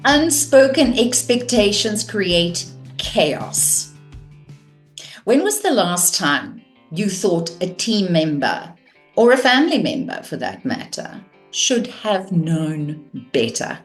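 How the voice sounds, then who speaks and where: A woman teaching a course on communication, calm and measured, showing vocal techniques. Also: medium pitch, soft background music. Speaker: communication coach.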